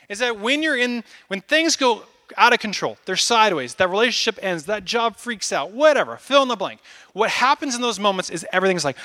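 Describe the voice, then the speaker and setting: A man in his thirties preaching a casual, animated sermon, acting out little asides as he goes. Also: high-pitched, moderate pace. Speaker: pastor.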